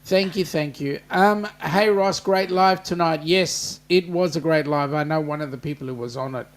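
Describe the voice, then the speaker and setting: A man's voice: a little high, normal speed. An Australian man co-hosting a casual livestream, reading out viewer greetings and teasing his co-host.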